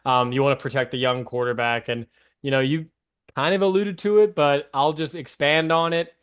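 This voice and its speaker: A young man co-hosting a casual sports podcast, upbeat, with frequent fillers and emphatic pitch jumps. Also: steady tone, moderate pace, fairly bright tone, smooth. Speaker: podcast co-host.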